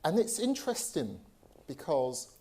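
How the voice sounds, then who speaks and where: A man from England speaking on a panel at a live event, into a microphone, deliberate and emphatic, posing rhetorical questions. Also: a little high, huge pitch swings, darkish tone. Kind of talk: panel discussion speech. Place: event hall with audience. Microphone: handheld microphone.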